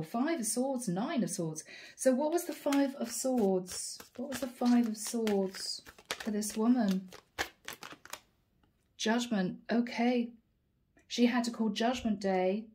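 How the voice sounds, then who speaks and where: Musing tarot reader, mellow and high. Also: female voice, slight background noise. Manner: musing aloud, naming cards in short bursts. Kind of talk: channeled tarot reading to camera.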